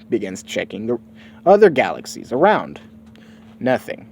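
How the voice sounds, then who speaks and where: A man's voice: fairly low pitch, huge pitch swings, normal speed, vocal fry, a little mellow, slight background noise. A man casually improvising a story, rambling and swearing freely. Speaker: streamer.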